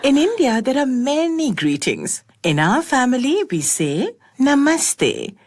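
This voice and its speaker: A woman voicing a kindly auntie neighbour in a children's cartoon, explaining greetings gently. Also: sits high, sing-song, a little slow, full character voice.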